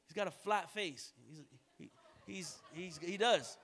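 An American man preaches a sermon as a pastor, shifting between quiet, low passages and loud, rising calls to the congregation, with playful joking asides. His pace is a little slow.

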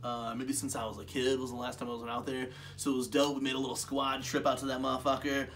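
A man co-hosting a casual chat show, swearing freely and getting loud while telling stories. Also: medium pitch, fast talker, far from the mic, slight background noise. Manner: profane, excitable storytelling, gets loud when animated. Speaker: co-host.

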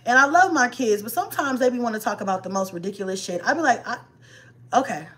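Woman, casual live chat, raised pitch, animated, slangy, profane, frequent laughter. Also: fast. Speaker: mom vlogger chatting with live viewers.

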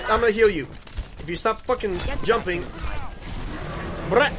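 Frantic high-voiced gamer man, swearing. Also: expressive, slow, pauses often, slight background noise. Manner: frantic, swearing, yelling at teammates. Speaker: gaming YouTuber. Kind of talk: live gameplay commentary.

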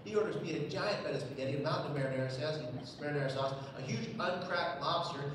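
A man's voice: a little high, fast talker, noisy background. A man in his thirties giving a live keynote, telling a comic story and acting out the voices he quotes. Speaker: public speaker. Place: large hall. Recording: distant echoey hall recording.

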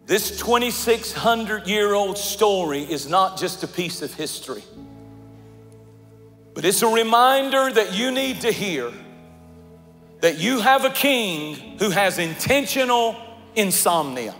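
A male pastor preaching a sermon in a large church, swinging from shouted declarations to hushed storytelling. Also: sits high, big pitch swings, takes it slowly. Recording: echoey church hall, faint music.

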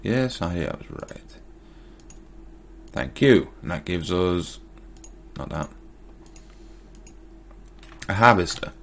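Male gamer, casual commentary, deep fry-heavy voice, talks to himself while playing. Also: big pitch swings, slow, long pauses. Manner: muttering to himself, mildly exasperated. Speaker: gaming YouTuber. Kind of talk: casual Let's Play commentary.

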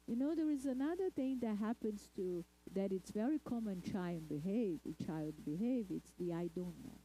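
A woman giving a lecture talk at a spiritist center, speaking deliberately and checking in with the audience. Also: mid-range voice, expressive, mellow, poor audio. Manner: deliberate, asks the audience "okay?" often.

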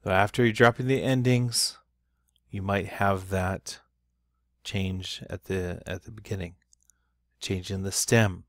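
Low gravelly male teacher, patient. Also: steady tone, takes it slowly, pauses often, fairly bright tone, dry recording, studio quality. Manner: explanatory, repeats and restarts, stresses key sounds. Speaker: Spanish teacher. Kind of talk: recorded online lesson.

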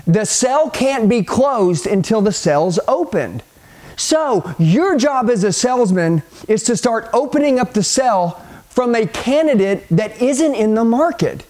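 This middle-aged man's pitch is extremely high as he gives a sales training talk. It's energetic and punchy, aimed right at the listener, with phone calls acted out.

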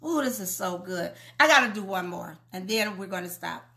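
A woman's voice: mid-range voice, expressive, gravelly, pushed and bright. A woman pastor preaching on a livestream, calling out praise, laughing often and reading viewers' comments aloud. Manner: exclaims, laughs often, drawn-out calls of praise.

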